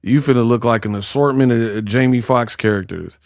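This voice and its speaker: A man's voice: medium pitch, brisk, dry recording, studio quality. A man hosting a casual commentary stream, talking in slangy, teasing rants. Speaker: YouTuber streamer.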